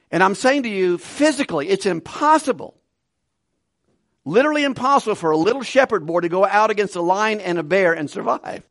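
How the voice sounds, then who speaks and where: A man preaching a conversational Bible study sermon with animated delivery and frequent chuckles. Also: sits high, no room sound, studio quality. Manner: conversational, animated, laughs between points.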